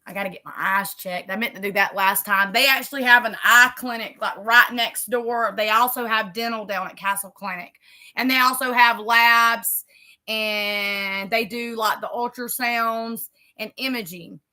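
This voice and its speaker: Bright chatty woman. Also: a little high, steady tone, normal speed. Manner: chatty, rambling, homespun. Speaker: vlogger. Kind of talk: casual chat while decorating a planner.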